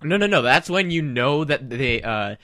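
A man co-hosting a casual online show, chatting in an animated, rambling way with restarts. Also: mid-range voice, moderate pace, dry recording, studio quality. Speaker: co-host. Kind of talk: casual chat.

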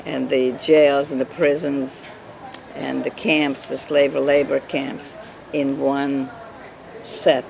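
An older woman whose first language is Yiddish, telling her life story slowly in an oral history interview, repeating words for emphasis. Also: a bass voice, little pitch movement, vocal fry, noisy background. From Eastern Europe. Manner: slow, reflective storytelling with emphatic repetition.

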